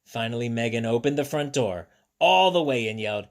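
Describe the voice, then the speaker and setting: A man's voice: mid-range voice, a little fast. Playful man reading a picture book to kids. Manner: playful, animated asides to young listeners. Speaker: children's story reader. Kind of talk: picture-book read-aloud for children.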